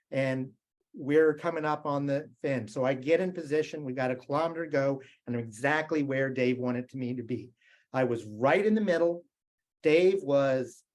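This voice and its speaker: A middle-aged man from the United States giving a motivational keynote, telling stories in a conversational way and asking the audience questions. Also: a little high. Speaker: keynote speaker.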